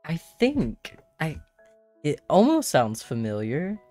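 A woman's voice: low voice, huge pitch swings, takes it slowly, dark tone, faint music behind. A woman playing in a tabletop game, casual and reactive in her replies. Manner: casual, reactive, plain-spoken. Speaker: player. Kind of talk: tabletop game role-play.

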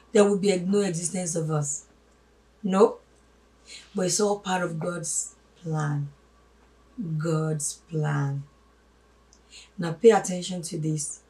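A woman giving a spoken sermon, emphatic, swinging from loud stresses to hushed asides and calling listeners her brothers and sisters. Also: on the low side. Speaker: religious teacher. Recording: voice a little distant from the mic.

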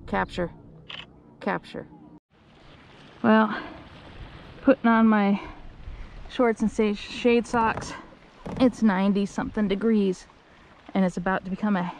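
Unhurried woman vlogging from a windy kayak. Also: medium pitch. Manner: chatty and candid, bursts into excited whoops. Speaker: kayak angler filming her tournament day. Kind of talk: casual vlog narration while fishing. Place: outdoors on a kayak on a windy lake. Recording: strong outdoor wind noise.

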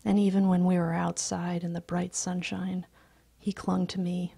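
A woman reading a story aloud in a hushed, breathy, soft-spoken voice. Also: fairly low pitch, flat delivery, moderate pace, dry recording, clean studio sound. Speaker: story reader.

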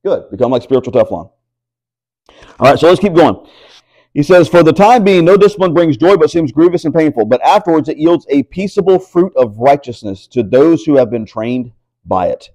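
A man's voice: fairly high pitch, animated, normal speed, dark tone. A man preaching a sermon to a house church, reading scripture aloud and asking the listeners rhetorical questions. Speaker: pastor.

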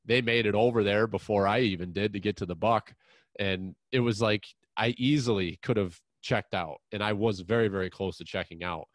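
A man's voice: lowish voice, moderate pace, dry recording. A man hosting an outdoors podcast, telling a long hunting story in a frank, rambling way with mild swearing. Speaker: podcast host. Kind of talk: casual chat, long personal anecdote.

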